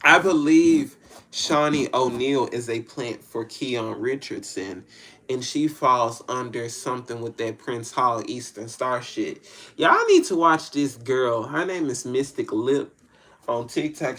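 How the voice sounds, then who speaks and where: A man's voice: mid-range voice, a little slow, a bit bright. A man with a Southern US accent who works as a spiritual reader, talking in a blunt, slangy, profane and rambling way, often repeating himself. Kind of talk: casual rambling monologue.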